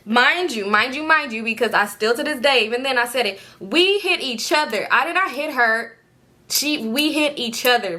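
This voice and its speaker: A woman in her late twenties telling a storytime vlog story in a casual, animated way, full of slang and cursing. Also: a little high. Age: late 20s. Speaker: storytime vlogger.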